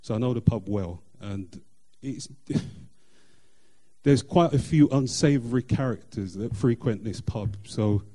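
A middle-aged man tells a faith testimony in a very dark, mellow voice. He speaks earnestly, pausing and restarting often as he goes. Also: mid-range voice. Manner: earnest, halting with frequent fillers and restarts. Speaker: church member sharing testimony. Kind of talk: personal testimony.

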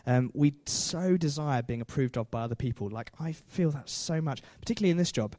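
A man's voice: on the high side, animated, a little fast, dark tone, dry recording. Male preacher, chatty sermon, joking asides, dry close sound.

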